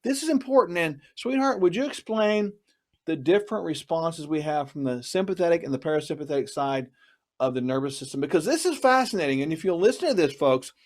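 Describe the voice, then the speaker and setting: A man's voice: fairly high pitch, expressive, brisk, darkish tone. Earnest man teaching on a talk show. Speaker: co-host.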